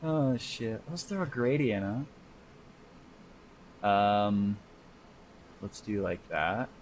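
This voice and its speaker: A man's voice: on the low side, drawn-out words, slight background noise. A man co-hosting a podcast in loose casual chat, swearing freely and laughing often while he draws. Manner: talks while drawing. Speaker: podcast co-host.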